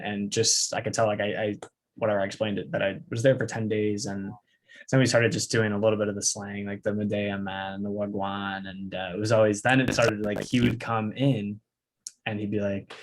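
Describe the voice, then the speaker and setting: A young man hosting a podcast interview, chatty and relaxed, laughing often. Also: fairly low pitch, moderate pace. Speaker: podcast host. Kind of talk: casual interview chat.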